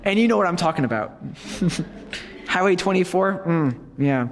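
A priest giving a retreat talk in a relaxed, conversational way, with playful asides to his listeners. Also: high voice, normal speed. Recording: long hall reverb.

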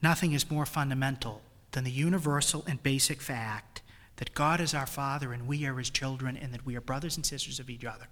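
A man's voice: mid-range voice, steady tone, a little fast, a bit bright, long reverb tail. A man with a New England accent preaching a retreat sermon, swelling emphatically on key phrases. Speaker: priest leading a retreat.

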